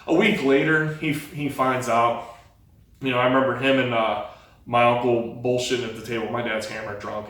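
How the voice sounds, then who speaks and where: A man's voice: mid-range voice, moderate pace. A young man candidly telling his own life story, acting out the quoted dialogue as he goes. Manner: lively retelling, acts out quoted dialogue. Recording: very echoey room, mic far off.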